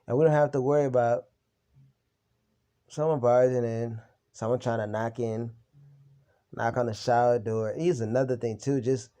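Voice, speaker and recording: A man's voice: medium pitch, steady tone, moderate pace, pauses often, warm tone. A young man venting in an unscripted vlog, telling a heated story full of blunt slang and swearing. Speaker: vlogger on recovery from narcissistic abuse. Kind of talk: unscripted personal venting to camera.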